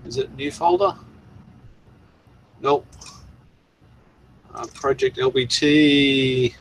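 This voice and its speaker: A man's voice: medium pitch, very slow, a little hiss or hum. A man hosting a casual live stream, rambling and chuckling as he goes through viewer comments. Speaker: channel host.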